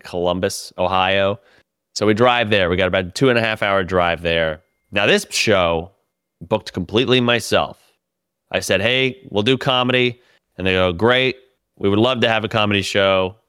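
A man telling profane, animated stories about a comedy tour in casual podcast chat. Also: lowish voice, smooth, dry recording, clean studio sound. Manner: profane, animated storytelling with laughs.

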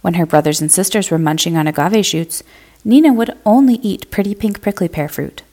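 A woman narrating a children's story podcast gently, speaking to young listeners. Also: on the low side, fairly quick.

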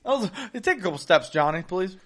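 A man co-hosting a casual beer-tasting podcast, loud and joking with profane banter. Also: sits high, big pitch swings, a little fast. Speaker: podcast co-host.

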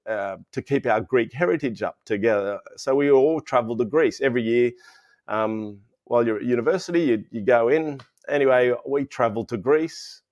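Rambling Australian man in his fifties. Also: mid-range voice. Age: 50s. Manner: rambling, frequent restarts and fillers. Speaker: interview guest. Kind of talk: casual interview storytelling.

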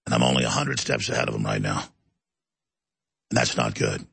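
Gravelly, forceful ranting talk-show man. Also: rumbling low, wildly swooping pitch, a little fast, dry recording. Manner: ranting, emphatic and heated. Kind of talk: impassioned talk-show monologue.

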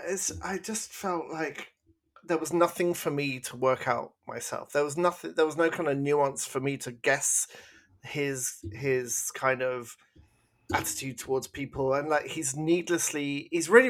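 Gravelly man in animated review chat. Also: mid-range voice, normal speed. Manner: animated, mocking put-on voices when quoting. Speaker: podcast co-host.

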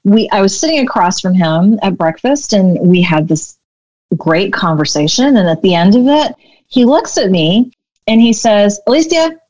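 A woman business coach telling a story in a podcast interview, animated and acting out the dialogue. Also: mid-range voice, moderate pace, no room sound, lo-fi sound.

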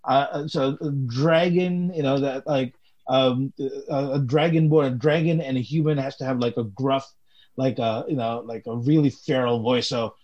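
A man in casual chat who speaks haltingly, restarting his sentences often. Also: mid-range voice, fairly even intonation, a little mellow, dull audio. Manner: halting, full of restarts and fillers.

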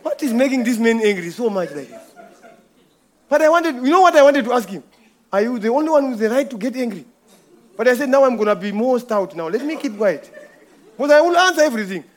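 A man with a strikingly high voice preaches a sermon woven from his own working life. He stumbles over repeated words, rises to loud declarations, then sinks to hushed asides. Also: expressive, fast talker. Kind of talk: sermon with personal testimony.

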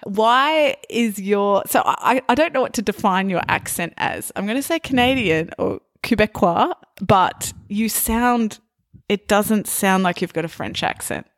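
A woman from Australia with a toned-down Australian accent, an English teacher who interviews a guest and explains words slowly and carefully. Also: mid-range voice, expressive, no echo, studio quality. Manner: slow, explaining carefully with pauses. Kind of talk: casual interview chat.

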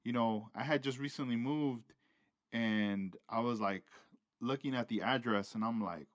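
A laid-back man hosts a casual chat in an easy, slangy way, with his voice at a middle pitch. The sound is dry and close, with no room around it. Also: measured pace, dry recording.

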